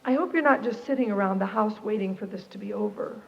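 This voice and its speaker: A woman voicing a calm, soothing male surgeon who speaks carefully and hesitantly. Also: mid-range voice, fast, vocal fry, big-room sound, muffled recording, lightly acted. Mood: grave, gentle.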